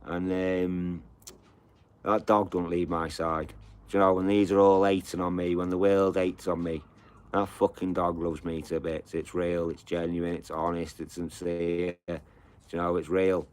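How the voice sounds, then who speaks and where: Low-voiced sweary bloke. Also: male voice, level tone, a little slow, smooth. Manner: casual, sweary, repeats fillers like "you know". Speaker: live streamer. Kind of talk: rambling live chat with viewers. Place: home.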